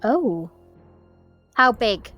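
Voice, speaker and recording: A woman's voice: on the high side, sing-song, drawn-out words, a bit bright, faint music behind. Chatty woman player. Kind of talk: casual tabletop play.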